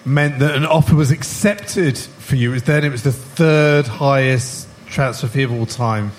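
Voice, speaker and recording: A man's voice: medium pitch, normal speed, a little hiss or hum. A man hosting a live podcast, asking a guest about his career in a conversational way. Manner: conversational, steering the talk. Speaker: podcast host. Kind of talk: live interview questions. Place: live party event with an audience.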